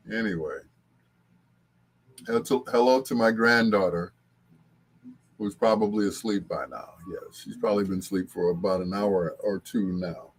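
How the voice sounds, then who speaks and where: A man's voice: fairly low pitch, moderate pace, long pauses, breathy edge. An older man hosting a late-night show, chatting casually and rambling with frequent chuckles. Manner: chuckling, rambling, bursts into sung snippets. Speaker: host.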